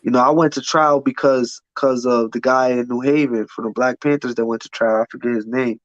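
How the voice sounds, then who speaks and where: A man's voice: mid-range voice, fairly even intonation, brisk, no room sound. A man in an interview telling his life story candidly, emphatic and profane, often repeating words as he restarts. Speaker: interview guest. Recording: dull lo-fi sound, dry.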